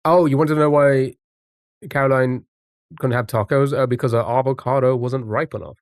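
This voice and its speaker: A man's voice: medium pitch, fairly even intonation, moderate pace, darkish tone, clean tone, dry recording, studio quality. A man streaming live, chatting casually with viewers and thinking aloud while guessing words. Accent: non-American English.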